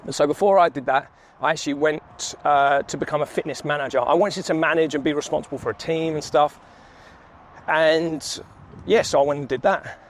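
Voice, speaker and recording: A man's voice: a little high, fairly even intonation, a little fast, slight background noise. Chatty man walking outdoors. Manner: laid-back, swears freely, laughs often. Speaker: vlogger, sales coach. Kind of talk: casual walk-and-talk storytelling. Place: outdoors on a city street.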